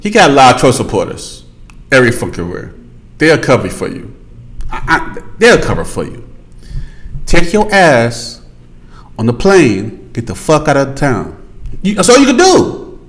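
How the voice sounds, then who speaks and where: A man's voice: mid-range voice, huge pitch swings, unhurried, pauses often, rough recording. A man hosting a podcast, ranting in a casual, profane monologue and repeating his points for emphasis while talking straight to his listeners. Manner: addresses listeners directly with slang. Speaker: podcast host.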